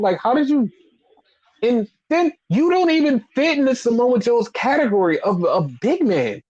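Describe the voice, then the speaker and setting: A man's voice: sits high, sing-song, normal speed, a little mellow, dull audio. A man co-hosting a casual wrestling podcast, ranting in a profane, exasperated way. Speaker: podcast co-host.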